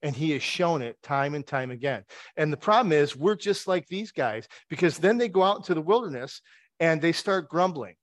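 A man's voice: on the high side, expressive, normal speed, dry recording. A man preaching a conversational sermon. He retells the story with wry asides and rhetorical questions.

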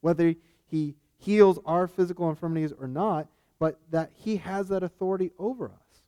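A man's voice: high-pitched, normal speed, warm tone, clean tone. A man preaching a sermon in a casual, conversational way, often checking in with his listeners. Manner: conversational, frequent "right?" asides.

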